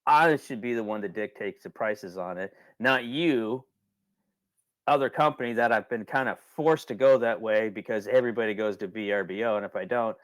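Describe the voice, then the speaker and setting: A man's voice: lowish voice, normal speed, no room sound. A man hosting a casual webinar, talking in a rambling, colloquial way and repeating himself when he gets worked up. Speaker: webinar host.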